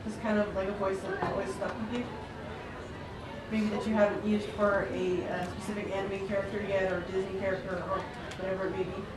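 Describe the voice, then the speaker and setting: A woman's voice: mid-range voice, flat delivery, a little fast. A woman in the audience asking the panel a long, hesitant question. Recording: very echoey hall, distant mic, loud noise.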